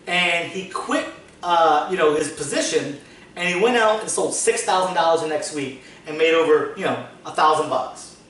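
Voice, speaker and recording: A man's voice: on the high side, a little fast, fairly bright tone. A man hosting a business podcast, telling long casual stories full of "like" fillers and the odd swear word. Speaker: podcast host, business owner. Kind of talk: casual storytelling chat. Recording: echoey room, distant mic, faint noise.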